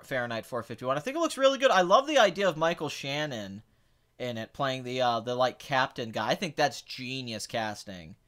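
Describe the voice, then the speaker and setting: Opinionated man with a higher voice. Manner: blunt, opinionated, sarcastic, swings between flat and excited. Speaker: podcast host answering chat questions. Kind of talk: casual movie talk.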